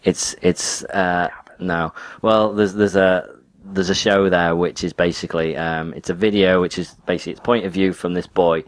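A man's voice: sits low, fairly even intonation, normal speed, few pauses. A man, co-hosting a podcast in casual, rambling chat with lots of restarts. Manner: rambling, laughs a lot, many restarts. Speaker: podcast co-host.

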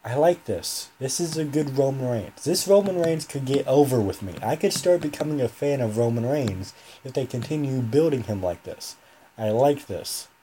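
A man's voice: mid-range voice, moderate pace, dark tone, slight background noise. A young man hosting a solo podcast, talking casually and rambling, often correcting himself mid-sentence. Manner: rambling, self-correcting, chatty. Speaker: podcast host.

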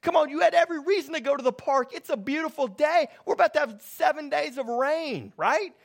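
High-voiced pastor preaching with animated energy. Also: male voice, fairly quick, vocal fry. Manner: animated storytelling, grows loud and excited. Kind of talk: sermon.

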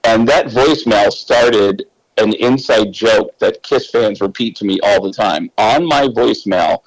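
A man's voice: on the low side, unhurried, no room sound, rough recording. A male comedian guest telling loose, casual anecdotes, swearing freely and laughing between lines.

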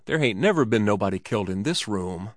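A man's voice: fairly low pitch, expressive, brisk, no echo, studio quality, lightly acted. A man voicing the innkeeper's sullen young son, defensive and aggrieved, in a story reading. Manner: defensive, aggrieved, crude speech.

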